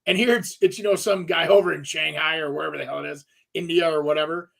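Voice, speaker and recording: High-voiced rambling radio co-host. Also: male voice, steady tone, fast talker, vocal fry, a bit bright. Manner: rambling, restarts, lots of fillers. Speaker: co-host of a real estate radio show. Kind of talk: casual talk radio chat.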